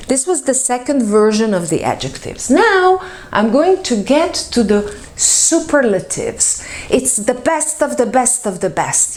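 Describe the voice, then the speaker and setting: A woman teaching English grammar as a teacher and coach, speaking slowly and drawing out her example words. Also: on the high side, darkish tone. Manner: slow, deliberate, stretches example words.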